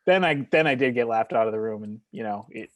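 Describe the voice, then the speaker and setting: A man's voice: mid-range voice, lively intonation, fast talker, no echo. A man appearing as a podcast guest, chatting casually in a playful, self-mocking way. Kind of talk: casual chat.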